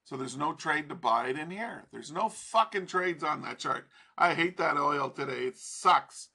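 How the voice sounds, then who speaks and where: Guy swearing his way through a trading chart lesson, bright kinda husky voice, mouse clicks behind. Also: a little high, expressive, a little slow. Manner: profane, rambling, laughs often. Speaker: trading instructor. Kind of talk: casual chart walkthrough.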